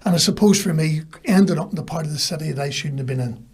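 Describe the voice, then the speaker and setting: His voice is fairly high yet darkish and husky, and he talks fast. He's a Northern Irish podcast guest from Belfast, telling casual stories and acting out what others said to him.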